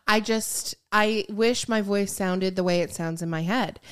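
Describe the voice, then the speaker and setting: Smooth-voiced woman with Valley Girl uptalk. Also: mid-range voice, a little slow. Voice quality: vocal fry, upward Valley Girl inflection. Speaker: podcast co-host. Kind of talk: casual chat.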